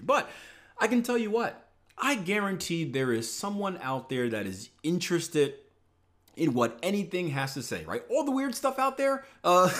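A middle-aged man who coaches traders, talking casually and motivationally, often asking "right?" and restarting his words. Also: mid-range voice. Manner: conversational, repeats "right?" often, animated rises. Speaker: trading coach.

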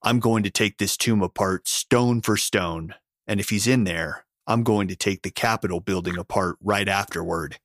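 A loyal young man who pleads in an urgent, hushed voice, as voiced by a male narrator. The voice sits low, and the close, dry recording keeps it intimate. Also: moderate pace, no room sound. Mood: pleading, urgent.

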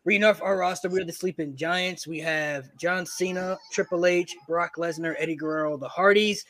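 A man's voice: a little high, fairly even intonation, a bit bright. A man co-hosting a casual group podcast, reading off his team's list and keeping the talk moving, repeating words as he cuts in. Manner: quick, repeats words when cutting in. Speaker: podcast co-host.

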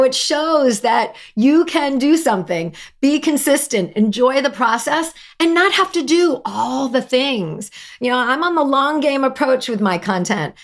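A woman from New Jersey with a raspy voice and a New Jersey accent, hosting her podcast in an emphatic, lively way with lots of fillers. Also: sits high. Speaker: podcast host. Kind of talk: scripted podcast talk.

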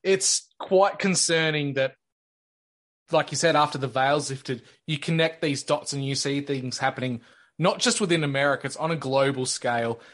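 A man talking on a casual podcast in a measured way, calling his co-host mate. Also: mid-range voice, a bit bright.

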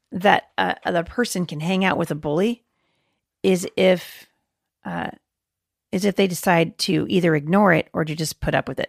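Speaking to mothers as a podcast host, this woman delivers a sincere devotional talk full of scripture quotes, fillers and restarted sentences. Her low-leaning voice has vocal fry, captured cleanly in a studio with no room sound.

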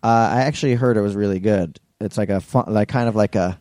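Male podcast co-host, rapid and mellow-voiced, rambling anecdotes, dry studio mic. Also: lowish voice, dry recording. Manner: rambling storyteller, quotes his wife with heavy swearing. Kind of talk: casual chat.

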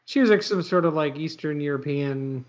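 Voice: mid-range voice, normal speed, dull audio. Rambling speaker recapping a movie. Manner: rambling retelling with many fillers. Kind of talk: casual movie discussion.

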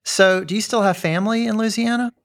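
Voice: medium pitch, brisk. An interviewer asking questions in an easy, attentive conversational manner.

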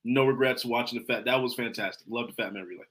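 A man chatting eagerly on a sports podcast at a middle pitch. He trips over his words and repeats phrases as his enthusiasm builds. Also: fast talker, fairly bright tone. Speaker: podcast co-host. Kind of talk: casual sports chat.

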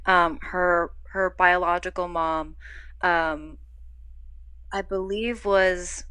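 Give me a young woman being interviewed about her acting work, chatting casually and animatedly. Her voice is bright and a little tense. She acts out quoted dialogue with big jumps in pitch. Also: slow pace, clean tone. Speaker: actor guest.

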